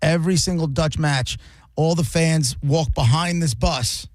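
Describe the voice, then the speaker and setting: A male radio host chatting casually, recapping news stories with quick asides. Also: on the high side, dry recording. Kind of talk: casual talk radio chat. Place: radio studio. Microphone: studio mic.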